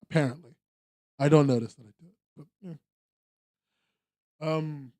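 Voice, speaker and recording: A man's voice: on the high side, steady tone, normal speed, pauses often, mellow. A young American man hosting a podcast, chatting casually in a rambling way with lots of fillers and restarts. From United States. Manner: rambling, laid-back, frequent fillers and restarts. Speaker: podcast host. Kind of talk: casual chat.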